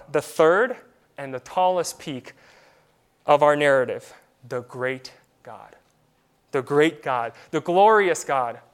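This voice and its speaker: Preaching with a fairly high, clear, resonant voice, this pastor relies on rhetorical questions and hushes his voice for emphasis. At times he repeats a word or two when starting a new thought.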